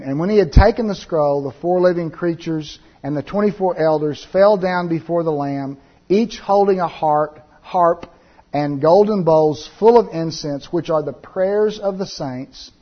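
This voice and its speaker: Male preacher, slightly high husky voice, slow scripture reading then halting explanation full of fillers, dull lo-fi recording. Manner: reads scripture aloud slowly, then explains with many "uh" fillers. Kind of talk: Bible teaching sermon.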